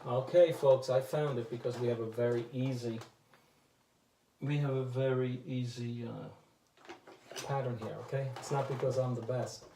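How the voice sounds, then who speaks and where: Chatty male tradesman demoing wallpaper hanging; echoey room, steady noise behind. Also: mid-range voice, moderate pace. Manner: chatty, joking asides to viewers; talks while working, drifts from the mic. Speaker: wallpaper installer. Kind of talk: hands-on how-to demonstration. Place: indoor room being wallpapered.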